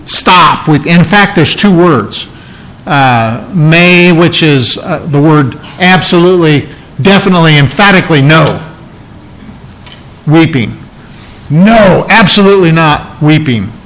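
Male pastor, sermon delivery, slightly higher pitch, earnest verse-by-verse teaching. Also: lively intonation, unhurried, a bit bright, rough recording. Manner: earnest Bible teaching, reading verses aloud and explaining them.

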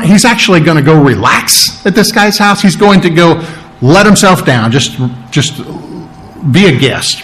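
A man delivers a sermon in a relaxed, conversational way, his voice sitting a touch high. He repeats words for emphasis and keeps pausing to clear his throat. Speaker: preacher.

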